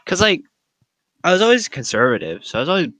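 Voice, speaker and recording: A man's voice: on the high side, sing-song, quick pace, fairly bright tone. A man co-hosting a podcast in casual chat, joking and teasing his friend. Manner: teasing, jokey banter. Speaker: podcast co-host.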